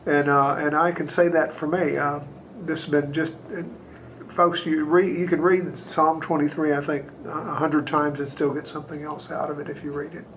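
A man's voice: on the high side, flat delivery, moderate pace, fairly bright tone, slight background noise, low-quality recording. A man in a Bible study group sharing thoughts in a hesitant way, with many fillers. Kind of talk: casual Bible discussion.

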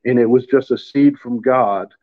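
A man in middle age telling his faith story in casual chat, halting and repeating words as he gets emotional. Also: mid-range voice. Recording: phone-line sound.

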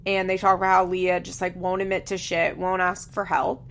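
A woman's voice: lowish voice, little pitch movement, moderate pace, gravelly, fairly bright tone. A young woman hosting a podcast, chatting casually and with strong opinions, often laughing and saying "like". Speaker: podcast host recapping a reality show. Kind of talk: casual recap chat.

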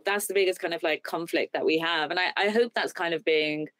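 A woman's voice: fairly low pitch, a little fast, a bit bright, dry recording. A woman guest on a podcast, talking thoughtfully in casual chat with many fillers like "like" and "you know". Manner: filler-heavy, thoughtful, lots of "like".

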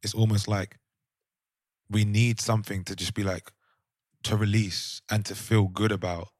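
Man, very low voice, dry close sound, thoughtful, restarts sentences. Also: flat delivery, normal speed, darkish tone, no echo. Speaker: podcast co-host. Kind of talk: casual group discussion.

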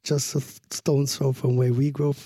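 A Birmingham man with a Jamaican-tinged Brummie accent chats at an easy pace as an interview guest. His voice is dark and husky, and he drifts from point to point with a ready laugh. The recording is close and dry. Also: mid-range voice, little pitch movement, moderate pace, no echo. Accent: Birmingham English with Jamaican patois influence. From Birmingham, England. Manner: rambling, laughs often, tags with "you know". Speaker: sound system founder, interview guest. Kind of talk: relaxed conversational interview.

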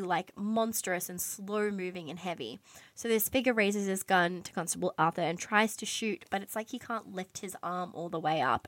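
A woman telling a dramatic story in casual podcast chat, animated, swearing and filling her talk with "like". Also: medium pitch, no room sound. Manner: animated, swearing, many "like" fillers. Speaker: podcast co-host telling a true crime story.

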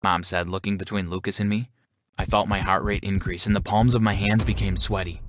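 A man reading a first-person story aloud in a steady, even narration. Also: low-pitched, brisk.

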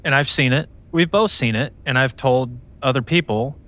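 A man with a mid-range voice speaks as a police officer in a relaxed chat. He is measured and plainspoken. He keeps his points short and direct. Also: medium pitch. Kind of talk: casual conversational chat.

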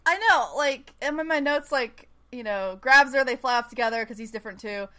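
Woman co-host, higher pitch, casual and sardonic, swears easily. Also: a little fast, pushed and bright, smooth. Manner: wry, blunt, swears casually, laughs often. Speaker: podcast co-host. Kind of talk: casual chat.

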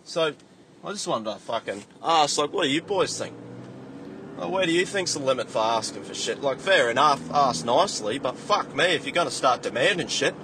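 A man's voice: mid-range voice, lively intonation, normal speed, background noise. A man leaving a ranting voice message, swearing constantly as he tells a story. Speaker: caller sending a voice message. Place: in a car on the way to work.

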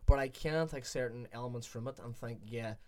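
A man's voice: mid-range voice, a little fast, dark tone. A man co-hosting a podcast, rambling and correcting himself as he talks about film. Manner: rambling, reflective, self-correcting. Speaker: podcast co-host. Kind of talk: casual film chat.

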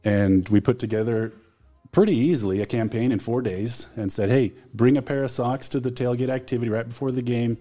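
A man's voice: medium pitch, a little fast, mellow, soft background music. A man talking as a studio guest, telling stories with enthusiasm and frequent fillers. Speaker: alumni relations director, guest. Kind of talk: casual studio conversation. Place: radio studio.

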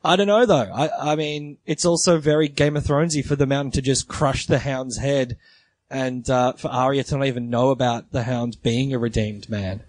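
A man's voice: mid-range voice, steady tone, moderate pace, no room sound. A man co-hosting a casual podcast chat, talking hesitantly with many fillers and restarts. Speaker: podcast co-host.

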